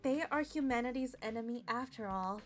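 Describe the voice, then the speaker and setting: A woman reading the lines of a dutiful, cold young female soldier in a flat, matter-of-fact way. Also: fairly high pitch, brisk, faint music behind, close to an everyday voice.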